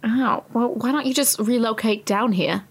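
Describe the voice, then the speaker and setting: A woman's voice: a little high, normal speed, slightly rough. A woman improvising a lazy castle kidnapper in a comedy scene, speaking in a dry, offhand way.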